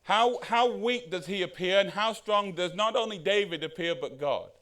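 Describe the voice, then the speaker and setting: Male pastor, high register, casual sermon delivery, lots of rhetorical questions. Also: normal speed, fairly bright tone. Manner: conversational, rhetorical questions, acts out quoted lines.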